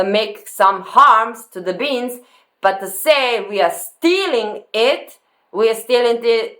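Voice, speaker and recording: A woman hosting a reaction video, commenting on a clip in halting phrasing that repeats words as she goes. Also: a little high, pushed and bright.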